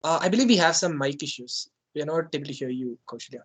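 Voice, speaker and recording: A man's voice: a little high, expressive, fast talker, slightly rough. A man with an Indian English accent, the club president chairing an online meeting in a rambling, conversational way with many fillers.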